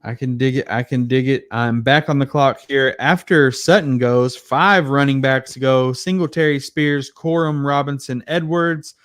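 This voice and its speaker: A man's voice: medium pitch, fairly even intonation, a little slow, few pauses, fairly bright tone, dry recording, studio quality. A man co-hosting a podcast, chatting casually in a laid-back, easygoing way. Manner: laid-back, chatty, slips into quoting others. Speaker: podcast co-host. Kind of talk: casual chat.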